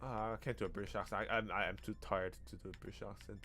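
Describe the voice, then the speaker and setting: A man's voice: lowish voice, steady tone, racing, sharp tone, faint music behind. Chatty American-accented man streaming a game. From Korea. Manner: chatty, answers chat, trails off and restarts. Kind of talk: casual gameplay commentary.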